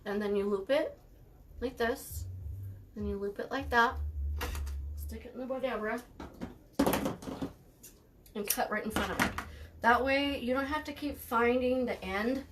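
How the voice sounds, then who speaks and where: A woman's voice: fairly high pitch, measured pace, long pauses, a bit bright, a little hiss or hum. A woman hosting a live craft tutorial, chatting casually while she works, thanking viewers by name and laughing easily with dry sarcasm. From United States.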